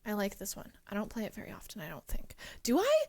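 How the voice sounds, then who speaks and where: A young woman in her twenties streaming live, excitedly thanking donors, swearing and fighting back tears. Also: mid-range voice, fast talker. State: close to tears. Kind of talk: casual live-stream chat.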